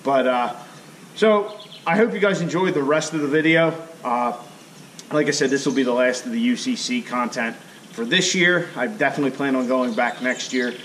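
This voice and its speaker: A young man talks loosely through a recap for his vlog, stringing thoughts together with plenty of "um" and "you know". His voice sits at an ordinary middle pitch. A faint hiss of background noise runs under him. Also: moderate pace. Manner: relaxed, rambling, with frequent "um" and "you know". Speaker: vlogger.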